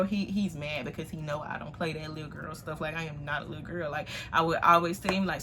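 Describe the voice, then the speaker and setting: Young woman, bright clear voice, animated storytime chat, phone on a tripod, faint room noise. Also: on the low side, a little fast, few pauses. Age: 20s. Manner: animated, swings from hushed to loud exclamations. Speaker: vlogger. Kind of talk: casual storytime.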